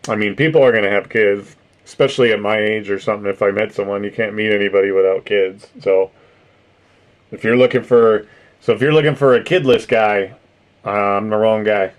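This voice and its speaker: Rambling middle-aged man, lowish voice. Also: a little fast. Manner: rambling, laughs often, swears casually. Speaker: streamer host reading chat. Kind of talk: casual live-stream chat.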